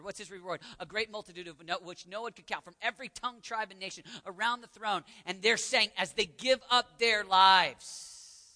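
A man with a Texan accent preaching a sermon as pastor, swinging from hushed lines to shouted ones in a large church hall. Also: high-pitched, moderate pace. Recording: long hall reverb.

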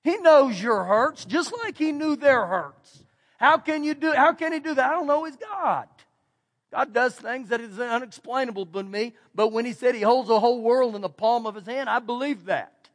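A male pastor with a Texan accent delivers a sermon in a church sanctuary. His voice sits unusually high, and he drives his points home with repetition, dropping quiet and then rising again. The recording carries the long reverb of a big hall. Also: moderate pace. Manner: preaching with emphatic repetition and shifts between loud and quiet.

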